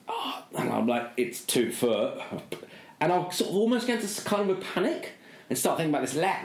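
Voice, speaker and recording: A middle-aged man co-hosts a casual podcast chat, telling a long, self-mocking story packed with fillers. His voice is mid-range, and the room is echoey.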